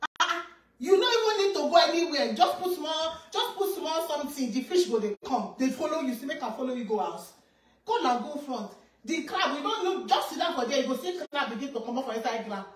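A Nigerian woman with a Pidgin English accent talks in an animated, boastful vlog style, often dropping into bits of song. Her voice sits high, and she is some way off the mic in an echoey room. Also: fast talker, distant mic. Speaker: content creator. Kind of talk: casual vlog monologue.

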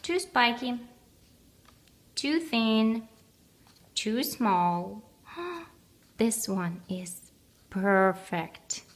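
A small, impatient bear cub with a sing-song, whiny eagerness, as a woman reader puts him on. The voice sits up high and bright, and the lines are stretched out very slowly, as in a bedtime picture book. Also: sing-song, full character voice. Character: excitable, impatient little male bear cub.

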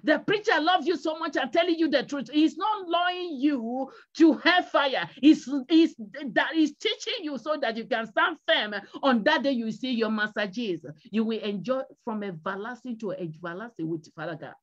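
A woman evangelist with a high voice preaches at a moderate clip, barely pausing, as she repeats her points and urgently pleads with listeners. Her sermon comes through on muffled, low-fidelity audio.

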